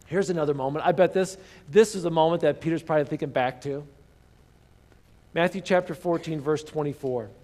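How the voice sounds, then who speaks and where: A male pastor delivering a sermon, his voice sitting a little high for a man. He tells the story with lively, animated emphasis, then sinks into hushed asides. He keeps throwing rhetorical questions at the congregation. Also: brisk, big-room sound.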